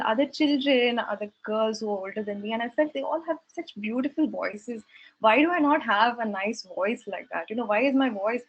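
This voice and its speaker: Brief: young woman, husky and fairly high, earnest reflective testimony, lo-fi dull sound. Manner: earnest, reflective storytelling with hesitant restarts. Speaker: satsang speaker sharing her story. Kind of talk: personal testimony talk.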